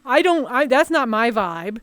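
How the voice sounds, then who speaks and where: A woman's voice: fairly high pitch, big pitch swings, a little slow, a bit bright, smooth, no echo. A woman streamer telling a story in a casual, rambling chat full of fillers and restarts.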